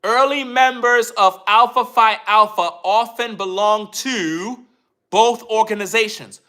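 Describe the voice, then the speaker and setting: A man's voice: sits high, measured pace, sharp tone. A man giving an emphatic commentary rant as a YouTube commentator, repeating himself and addressing viewers directly.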